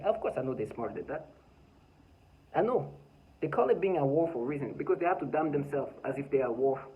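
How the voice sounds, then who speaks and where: A man's voice: on the high side, warm tone, low-quality recording. A man talking by his front door in an agitated, rambling vlog monologue, full of stammered restarts and bitter laughs. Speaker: vlogger.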